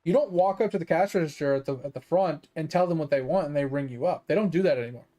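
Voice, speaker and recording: A man's voice: on the high side, fast, dark tone. A man streaming games while telling a story, chatty and full of swearing as he rants. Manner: profane, fired-up storytelling; chatty, with many fillers. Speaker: gaming streamer. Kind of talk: casual livestream rant.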